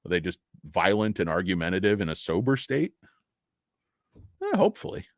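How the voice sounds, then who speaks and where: A man's voice: low voice, animated, fairly quick, no echo, clean studio sound. A man hosting a casual stock livestream, rambling and joking sarcastically as he talks to his chat from his office. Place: home office.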